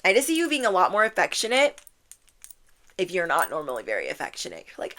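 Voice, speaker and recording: A woman in her thirties gives a channeled tarot reading in a bright, forceful voice. She is animated and playful. She acts out her listeners' inner thoughts in quick little voices and laughs often. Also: medium pitch. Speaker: tarot reader.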